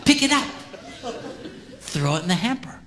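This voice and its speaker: A man giving a comedic marriage seminar to a live audience, with punchy delivery and shouted sound effects, recorded in a large reverberant hall. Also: sits high, very animated, moderate pace, crowd noise. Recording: reverberant hall with background noise.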